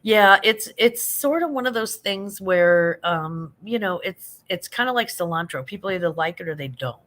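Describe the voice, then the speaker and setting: A woman's voice: lowish voice, expressive, normal speed, fairly bright tone. A middle-aged woman hosting a late-night livestream, chatting in a rambling way, laughing often and reading out viewer comments. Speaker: livestream host.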